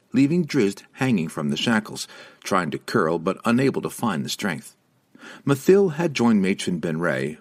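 Deep-voiced, dramatic male narrator. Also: breathy edge. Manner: dramatic, expressive reading. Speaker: audiobook narrator. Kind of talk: scripted fantasy audiobook narration.

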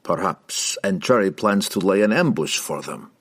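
A scheming guildmaster with a deep, low voice and a sly, clipped way of speaking, as a male narrator puts him on. His lines carry cold menace and a lively rise and fall. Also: moderate pace, husky.

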